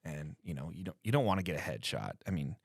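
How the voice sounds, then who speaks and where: A man from Colorado, a guest on a talk show, telling a story in a casual, animated way and acting out what others said. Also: a bass voice, fast talker, breathy edge, dry recording, studio quality.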